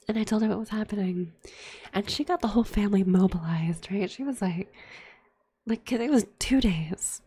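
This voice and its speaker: A young woman talks in a whispered ASMR chat, her voice airy and breathy at an ordinary middle pitch. She tells her story candidly with plenty of fillers and swearing. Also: moderate pace, pauses often, warm tone. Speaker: streamer.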